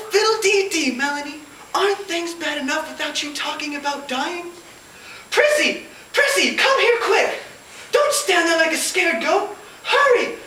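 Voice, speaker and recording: A woman's voice: sits high, fairly bright tone, roomy sound, recorded from a distance, slight background noise, pitched above the performer's own voice, poor audio. A woman voicing a headstrong young belle who barks orders imperiously. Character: bossy, fiery young Southern belle.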